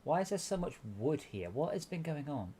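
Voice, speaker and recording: A man's voice: fairly high pitch, sing-song, a little fast, dark tone, a little hiss or hum. A young man hosting a game stream, giving exasperated running commentary with stumbling restarts. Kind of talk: casual gameplay chat.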